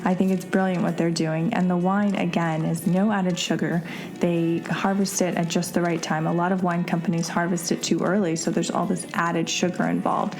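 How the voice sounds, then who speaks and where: A woman's voice: on the low side, level tone, normal speed, darkish tone. A woman in her thirties hosting a podcast, talking in a chatty, enthusiastic way and reading sponsor ads. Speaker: podcast host. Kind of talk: casual podcast talk and ad reads.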